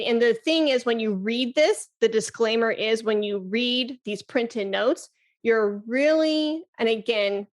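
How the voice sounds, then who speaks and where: A woman flute teacher talking on a podcast in an animated way, laughing often and demonstrating breath sounds. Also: on the high side. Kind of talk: casual podcast conversation.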